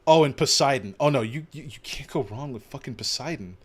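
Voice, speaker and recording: A man giving casual gaming commentary, excitable and rambling, gushing and swearing casually as he plays. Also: medium pitch, a little fast, husky. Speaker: gaming video host.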